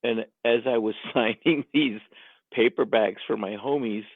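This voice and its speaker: A man, a writer, telling a story in a relaxed interview, animated and laughing often as he acts out the voices of people he quotes. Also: medium pitch, measured pace, breathy edge, no room sound. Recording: tinny phone-line sound.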